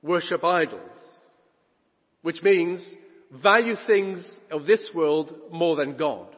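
A man preaching a sermon, emphatic, swinging between loud declarations and hushed asides. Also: a little high, slow. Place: church hall. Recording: dull recording in a long-reverb hall.

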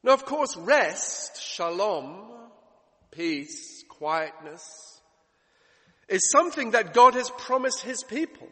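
A man preaches a sermon, working through it with rhetorical questions and stacked, repeated phrases. His voice sits high for a man. A long reverb rings after each phrase. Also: very animated, slow pace, pushed and bright. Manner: expository, rhetorical questions, emphatic repetition.

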